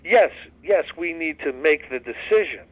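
A man's voice: on the high side, expressive, normal speed, slightly rough, no echo. Earnest man on a dull dry line. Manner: earnest, folksy storyteller with many restarts and fillers. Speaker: recovery study leader. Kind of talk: casual spoken study discussion.

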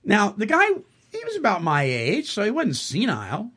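A middle-aged man hosting a radio talk show, telling a story in an animated, indignant way and chuckling often. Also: high-pitched, moderate pace, husky. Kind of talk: casual storytelling chat.

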